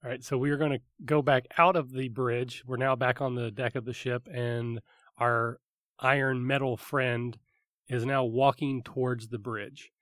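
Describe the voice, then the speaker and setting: A man's voice: mid-range voice, little pitch movement, measured pace, a bit bright, dry recording, clean studio sound. A man running a tabletop game as game master, describing scenes vividly and calling for dice rolls. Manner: vivid descriptive narration with fillers.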